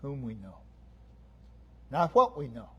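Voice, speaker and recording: A man preaching a sermon, emphatic and repetitive, swinging between loud declarations and hushed lines. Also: mid-range voice, wildly swooping pitch, takes it slowly, slightly rough. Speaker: pastor.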